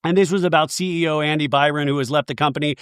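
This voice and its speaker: A man's voice: on the high side, steady tone, racing, clean tone, no echo, clean studio sound. A man hosting a podcast, chatting casually about pop culture and acting out quotes as he goes. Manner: chatty, swears, acts out quotes. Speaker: podcast host.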